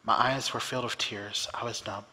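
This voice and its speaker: A man reads a first-person story in a calm, reflective way. His voice is very bright and sharp, with a tense edge. A long reverb rings out behind him. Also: fairly low pitch, moderate pace.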